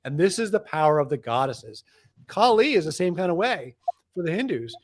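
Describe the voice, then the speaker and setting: A middle-aged man with a somewhat high voice talks as an interview guest. He tells stories with animation and often restarts his sentences. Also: brisk, a little hiss or hum. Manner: animated storyteller, frequent restarts. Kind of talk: conversational explaining.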